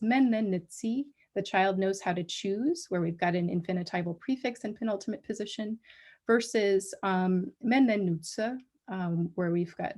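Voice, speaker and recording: A woman's voice: mid-range voice, darkish tone. Woman giving an academic lecture. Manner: explanatory, frequent ums and restarts. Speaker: guest lecturer. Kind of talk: academic colloquium talk. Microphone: livestream talk mic.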